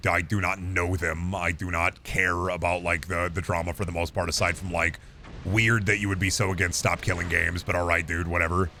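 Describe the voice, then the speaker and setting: A man in his thirties with a deep voice, chatting casually on a stream into a boom mic, rambling with many restarts and casual swearing. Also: creaky, pushed and bright, a little hiss or hum. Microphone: boom microphone with compressor and EQ.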